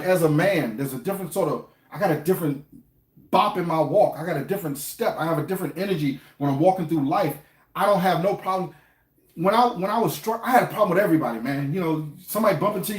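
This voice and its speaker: A man's voice: high voice, darkish tone. A middle-aged man with an African American English accent, talking casually to the camera about money, repeating himself and asking viewers questions. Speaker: finance vlogger. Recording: echoey room.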